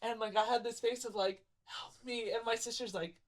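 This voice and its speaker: A young man tells a long, meandering story in a relaxed podcast chat. He strings his sentences together with constant fillers and slips into quick impressions of the people in the story. He laughs often while he talks. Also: very high voice. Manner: rambling storytelling, heavy on filler words, acts out other people's lines. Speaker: podcast co-host telling a story. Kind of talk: casual chat.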